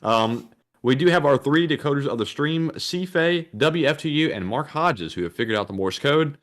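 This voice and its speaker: A man's voice: on the high side, expressive, normal speed, fairly bright tone. A man co-hosting a casual livestream, reading out viewer messages in a plain voice and now and then stumbling over his words.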